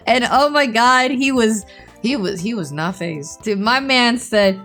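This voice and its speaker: Animated young woman telling a story. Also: on the high side, slow pace, soft background music. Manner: animated, dramatic, laughs often. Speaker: VTuber storyteller.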